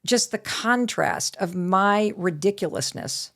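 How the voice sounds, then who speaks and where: A middle-aged woman, a guest author, telling a personal story in a lively, candid way on a podcast interview, with casual swearing. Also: mid-range voice, moderate pace, gravelly.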